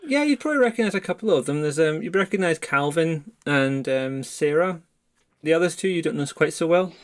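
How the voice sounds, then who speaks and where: A man running a tabletop horror game as game master, narrating in a relaxed, chatty way. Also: fairly high pitch, brisk. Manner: relaxed, conversational narration with fillers.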